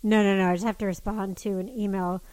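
A woman telling a story in casual chat, animated and swearing, with many restarts. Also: medium pitch, fast talker, rough recording.

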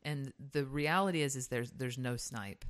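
Low-voiced Southern woman telling stories. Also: normal speed. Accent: Southern American. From southern Georgia, US. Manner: animated storytelling, swearing, laughing often. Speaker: podcast co-host. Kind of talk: casual chat.

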